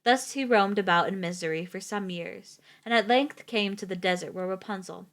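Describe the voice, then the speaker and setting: Reading storybook fairy tales on stream, a woman pauses for jokes and sweary asides, sometimes tripping over words. Her voice is medium-pitched and a bit bright, at a moderate pace.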